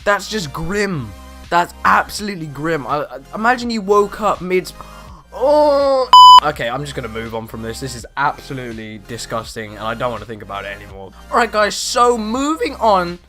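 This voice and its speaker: A teenage boy rambling in casual chat from his bedroom, animated and exaggerating with slang. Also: a little high, fairly quick, loud music behind the voice. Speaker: vlogger.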